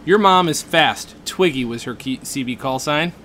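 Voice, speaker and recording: A man's voice: on the high side, normal speed, bright, forceful tone, a little hiss or hum. A man co-hosting a comedy podcast in casual chat, rambling and joking with frequent laughs. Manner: rambling, jokey, laughs often. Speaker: podcast co-host.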